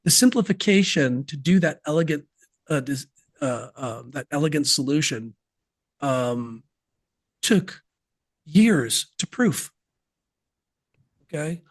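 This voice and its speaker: A man's voice: a little high, lively intonation, takes it slowly, pauses often, no echo, clean studio sound. A man guesting on a podcast interview, talking about business systems in an emphatic, folksy way with sports analogies.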